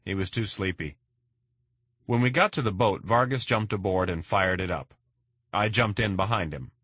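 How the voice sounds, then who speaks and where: Male first-person audiobook narrator, deep and husky, matter-of-fact. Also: normal speed, a bit bright, no room sound, studio quality.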